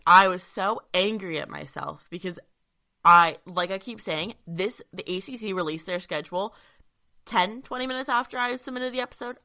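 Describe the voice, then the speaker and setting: A young woman hosting a sports podcast from her childhood bedroom, chatty and excitable with lots of fillers, a little out of breath. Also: mid-range voice, normal speed, gravelly. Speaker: podcast host. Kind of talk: casual sports podcast monologue.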